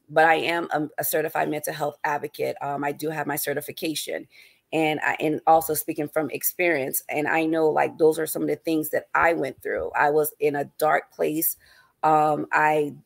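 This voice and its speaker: A woman's voice: deep voice, vocal fry. A woman author, a guest in an interview, speaking earnestly and reflectively about her own past, often repeating phrases. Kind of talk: personal interview talk.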